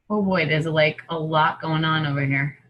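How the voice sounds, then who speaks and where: A woman's voice: low voice, highs cut off. A woman coaching her group on a video call, chatty and rambling as she thinks aloud. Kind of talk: casual video call talk.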